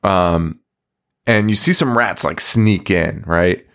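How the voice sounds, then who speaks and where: A man's voice: low voice, fairly bright tone. A man co-hosting a podcast, chatting casually about a movie, swearing often, laughing and acting out scenes. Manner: profane, laughing, acts out scenes in quick voices. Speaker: podcast co-host. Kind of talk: casual movie review chat.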